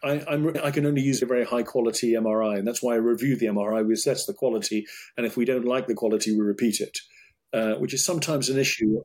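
British surgeon with a husky voice. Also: male voice, medium pitch, steady tone, fast, darkish tone. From United Kingdom. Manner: thoughtful, with many restarts and repeated words. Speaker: urologist guest. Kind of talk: interview conversation.

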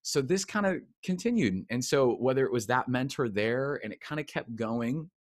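A man telling personal stories on a podcast, animated and candid, acting out the voices of the people he quotes. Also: mid-range voice, moderate pace, dry recording, studio quality. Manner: animated storyteller who acts out quoted voices. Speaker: podcast guest. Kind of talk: candid conversational storytelling.

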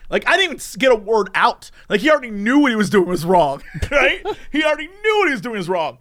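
Animated, high-voiced man telling a story. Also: fairly quick. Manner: animated, laughs often, acts out voices. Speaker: podcast storyteller. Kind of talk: casual storytelling chat.

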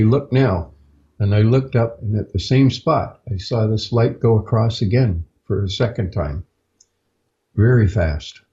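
A man, a podcast guest, telling his own story in a casual, halting way with frequent "uh" fillers. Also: fairly low pitch, dark tone, highs cut off. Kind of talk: casual first-person storytelling.

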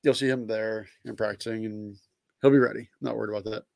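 A man's voice: on the low side, steady tone, fast talker, gravelly, darkish tone, no room sound. A man co-hosting a casual sports podcast, blunt and profane, laughing at his own points. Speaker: podcast co-host.

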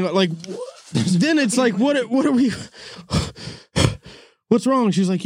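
A podcast host with a high voice and lively intonation tells rambling, casual stories at a moderate pace, swearing freely, laughing often, and calling people "dude" in a laid-back way. Recorded in a studio room on a corded mic, the sound is studio quality with no room sound.

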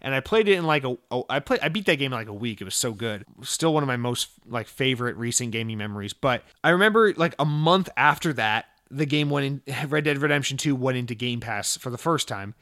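A young man hosting a casual gaming podcast, chatting in a rambling, excitable way with lots of swearing and restarts. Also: mid-range voice, fairly quick, few pauses, dry recording, studio quality. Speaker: podcast host. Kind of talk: casual solo podcast chat.

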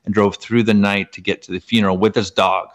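A man from Canada with a fairly low voice tells personal stories as a guest author in an interview. He talks in an animated way, filling his sentences with "like" and letting his pitch leap upward as he gets going. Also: fairly quick. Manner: animated, filler-heavy, frequent jumps up in pitch. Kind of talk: emotional personal storytelling in an interview.

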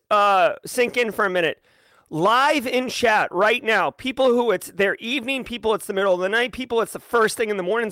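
A man hosting a live show, giving playful, rapid shout-outs to viewers. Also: high-pitched, no echo, studio quality. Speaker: livestream host.

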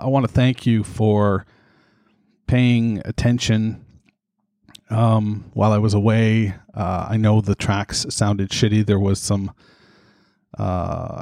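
A podcast host chatting casually at home, out of breath and breathing heavily, rambling with lots of fillers. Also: male voice, lowish voice, vocal fry, a little mellow, no room sound, clean studio sound. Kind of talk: casual chat. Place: home studio.

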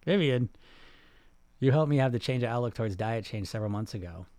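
A man with a mid-range voice hosts a casual weight-loss livestream, answering viewer comments briskly. His manner is animated, repetitive and salesy, and there is no room sound.

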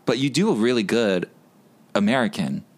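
A man's voice: lowish voice, moderate pace. Southern guy cohosting a podcast, sassy, laughs a lot, voice jumps all over. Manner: animated, laughs often, sassy asides. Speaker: podcast co-host. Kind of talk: casual chat.

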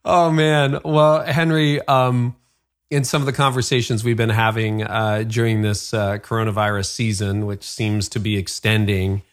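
A man's voice: fairly low pitch, flat delivery, normal speed. A Canadian man hosting a leadership podcast, chatty and upbeat, laughing at himself now and then. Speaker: podcast host. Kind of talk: conversational podcast hosting with read ads.

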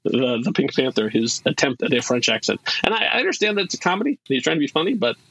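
A man's voice: mid-range voice, very animated, quick pace, vocal fry, a bit bright, breathy edge, dry recording, muffled recording. A man co-hosting a casual movie podcast, chatting loosely, laughing often and restarting sentences as he runs a game. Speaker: podcast co-host running a game.

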